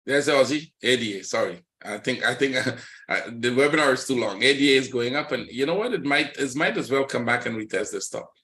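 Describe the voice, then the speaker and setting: A man teaching a live trading webinar, walking quickly and plainly through one chart after another. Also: mid-range voice, lively intonation, fairly bright tone. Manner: rapid, matter-of-fact chart commentary. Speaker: trading instructor.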